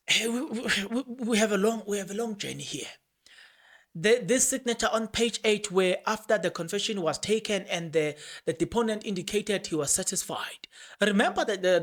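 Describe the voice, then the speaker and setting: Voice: mid-range voice, fairly bright tone. A podcast host gives casual commentary on court proceedings, talking freely and often repeating or restarting phrases. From South Africa. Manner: talkative, repeats and restarts phrases, reads out documents.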